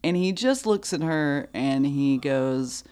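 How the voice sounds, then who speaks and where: A woman with a very low voice tells a story in a relaxed conversation. She is animated, laughs often and acts out what people said. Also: slow, smooth. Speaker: storyteller in a chat. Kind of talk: casual chat.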